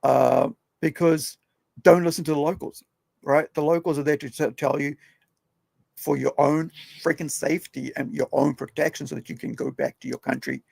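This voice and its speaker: A man's voice: on the high side, fairly even intonation, normal speed, gravelly, a little mellow, husky, no room sound. A young man hosting a podcast, telling stories in a rambling, conversational way and often tagging his sentences with questions. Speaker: podcast host. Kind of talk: casual storytelling chat.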